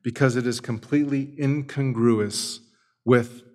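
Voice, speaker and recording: A man, a father, preaching a sermon as pastor, asking rhetorical questions and swinging from forceful emphasis to hushed tenderness. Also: mid-range voice, fairly even intonation, a little slow.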